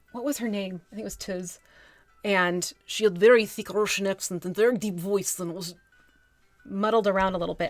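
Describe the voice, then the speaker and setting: A woman's voice: lowish voice, no room sound. A woman from the United States chatting casually with her live-stream audience while painting a miniature. She talks to the chat as she works and laughs often. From United States (Texas, then New Jersey).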